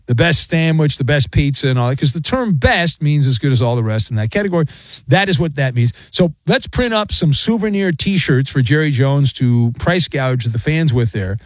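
Animated, sarcastic sports radio man. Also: fairly high pitch, no echo. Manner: animated, playful riffing and sarcasm. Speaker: sports talk show host. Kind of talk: sports talk commentary.

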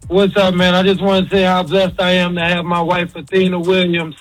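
A man's voice: high voice, monotone, a little fast, faint music behind, low-quality recording. A man from Texas calling in to a radio show, talking in a laid-back, proud way. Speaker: caller. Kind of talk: casual call-in chat.

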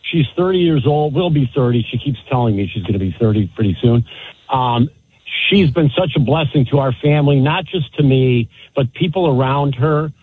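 A middle-aged man calling in to a radio talk show, heard over a tinny phone line. His voice is a little husky. He speaks warmly and in a measured way, full of gratitude. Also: mid-range voice, no room sound. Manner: warm, grateful, measured. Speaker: caller.

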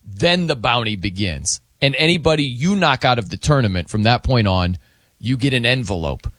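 Casual male host, animated delivery and a very dry sound. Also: mid-range voice, moderate pace, dry recording. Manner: animated, jokey, puts on voices when retelling. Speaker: radio show host. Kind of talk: casual late-night chat.

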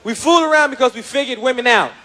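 A man's voice: very high voice, fast talker, some chatter behind, slight background noise. A man doing stand-up comedy, talking energetically and straight at the women in the audience. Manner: energetic, addresses the audience directly.

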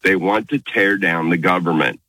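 Deep, forceful-voiced male caller. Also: moderate pace, no room sound, rough recording. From California.

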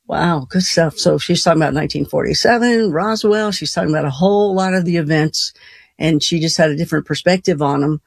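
A woman's voice: low voice, quick pace, vocal fry, slightly rough, dry recording. A woman hosting a late-night call-in radio show, chatty and folksy, laughing easily between callers. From Colorado. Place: radio studio.

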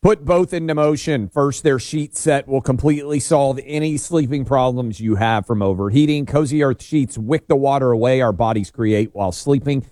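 A man's voice: mid-range voice, moderate pace, few pauses, warm tone, no room sound, clean studio sound. A man from the United States co-hosting a talk radio show, giving blunt opinions in casual banter. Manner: opinionated, confessional.

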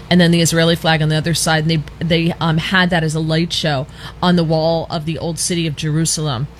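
A woman's voice: lowish voice, a little hiss or hum. A middle-aged woman hosting political commentary, chatty and sarcastic, reading quotes aloud and reacting to them. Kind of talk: opinionated commentary.

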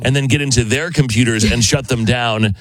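A man hosting a casual radio chat, animated and playful as he reads things aloud. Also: mid-range voice, brisk, dry recording. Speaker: radio host.

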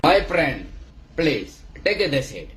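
A man's voice: a little high, very animated, slow, fairly bright tone, full character voice. A man putting on a stern man ordering someone to sit. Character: man doing a string of accents, telling someone to sit down. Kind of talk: accent challenge clip. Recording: roomy clip played on air.

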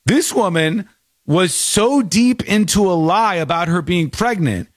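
Animated storytelling man, lively pitch. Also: measured pace, no room sound, studio quality. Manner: animated storytelling, acting out quotes in shifting voices. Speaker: podcast host. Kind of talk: casual chat.

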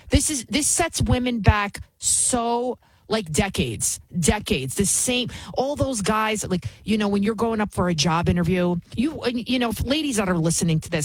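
Talk-show host, female, emphatic and indignant, slightly breathy tone. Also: medium pitch, no echo. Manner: heated, emphatic, repeats for emphasis. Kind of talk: opinionated commentary.

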